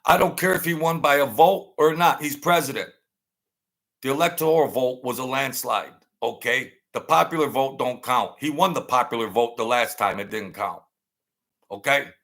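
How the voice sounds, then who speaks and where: Gravelly man ranting politics. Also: mid-range voice, moderate pace, fairly bright tone. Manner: combative and sarcastic, repeats lines for emphasis. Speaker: political commentary channel host.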